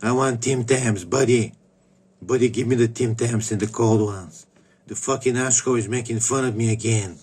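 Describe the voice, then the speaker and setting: A man's voice: medium pitch, moderate pace, a little mellow, slightly rough, close to an everyday voice. A man doing a whiny cartoonish woman. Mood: mocking whine. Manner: whiny, profane, petulant. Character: childish, cartoonish mocking impression of a woman.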